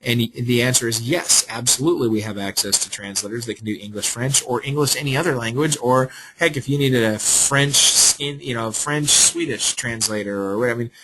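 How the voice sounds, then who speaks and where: A man's voice: mid-range voice, a little fast, few pauses, noisy background. A man hosting a live webinar Q&A, upbeat and salesy, reading out viewer questions and answering them. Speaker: webinar host.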